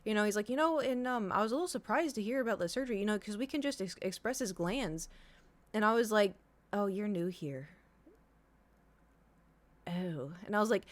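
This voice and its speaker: A woman's voice: medium pitch, expressive, moderate pace, pauses often. A woman streamer chatting casually to her viewers, telling a long rambling story full of fillers and acted-out quotes. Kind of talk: casual chat.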